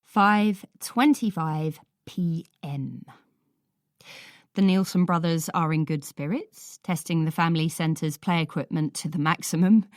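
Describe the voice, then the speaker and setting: Brief: woman audiobook narrator, unhurried, lively pitch, dry close sound. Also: no room sound. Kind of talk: first-person thriller narration.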